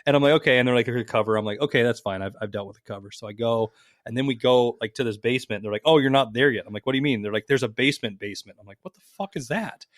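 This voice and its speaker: Man from Las Vegas telling animated stories. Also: mid-range voice, rapid-fire, dry recording, clean studio sound. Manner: animated storytelling, swears freely, acts out quotes. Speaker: podcast co-host. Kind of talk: casual chat.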